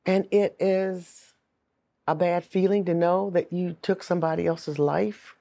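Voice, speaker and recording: A woman's voice: fairly low pitch, steady tone, a little slow, creaky, warm tone. Earnest woman telling her life story. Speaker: interviewee. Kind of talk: personal testimony.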